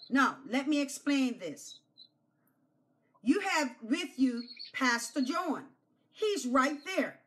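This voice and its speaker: Woman pastor, high bright voice, unhurried children's lesson with lots of repetition. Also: big pitch swings, slight background noise. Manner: slow, emphatic, repeats key phrases; coaxes children to repeat after her.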